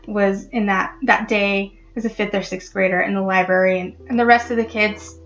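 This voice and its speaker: A woman vlogger explaining a poem in a casual, halting way, with many ums and restarts. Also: medium pitch, steady tone, a bit bright, muffled recording, soft background music. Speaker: literary vlogger.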